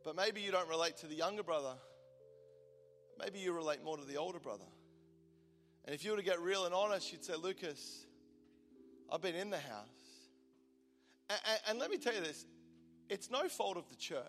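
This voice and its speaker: Man, 40s, passionate preacher, high bright tone, hushed to loud, big church hall reverb. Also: lively intonation, a little fast, pauses often. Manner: impassioned, swinging from loud declaration to hushed intimacy. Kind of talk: sermon. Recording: large hall reverb with soft music behind.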